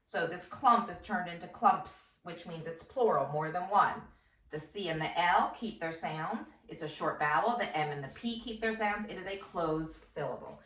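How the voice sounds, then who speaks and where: A first-grade teacher gives a slow, patient phonics lesson for children, sounding out words one syllable at a time. Her voice sits on the low side with a fairly bright tone and a normal pace. She's recorded off-mic from a distance in an echoey room.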